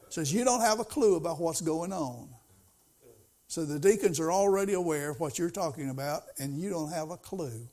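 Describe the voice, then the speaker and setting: A man's voice: fairly high pitch, a little mellow. Folksy preacher man. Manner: folksy, conversational preaching with rising emphasis. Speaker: pastor. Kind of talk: sermon.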